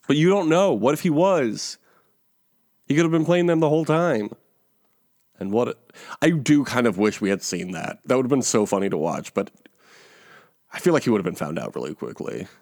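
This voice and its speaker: A man's voice: medium pitch, lively intonation, normal speed, pauses often, darkish tone, no room sound, studio quality. A male podcast co-host in casual chat, wry and laughing often, trailing off with ums as he recaps a reality show.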